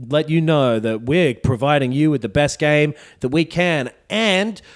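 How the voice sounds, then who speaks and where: A man's voice: a little high, a little slow, close to an everyday voice. A man voicing a smarmy game company boss who spins bad news in a chipper, mock-corporate tone.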